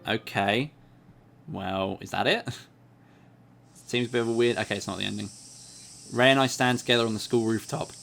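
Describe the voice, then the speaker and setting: A man's voice: fairly low pitch, moderate pace, creaky, long pauses, faint music behind. Casual man reading game text aloud. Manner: relaxed, chatty, reads subtitles plainly. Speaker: gaming video host.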